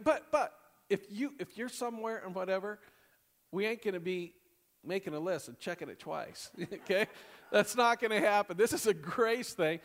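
Male pastor, slightly high voice, preaching with big swings from loud to hushed, chatty and laughing; long church-hall reverb. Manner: animated preaching, swinging from loud bursts to hushed near-whispers, laughing often. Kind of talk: sermon. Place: church sanctuary.

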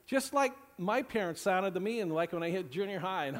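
Rambling pastor, somewhat high voice. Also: male voice, lively intonation. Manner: rambling, repeats phrases, many "you know" fillers; slows and drops low for scripture readings. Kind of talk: sermon. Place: church with several campuses.

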